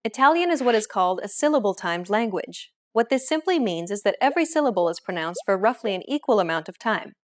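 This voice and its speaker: A woman leads a language lesson as the host, speaking in a calm, scripted narration. She lays out each point clearly at a measured pace, her voice at a medium pitch in an ordinary middle range.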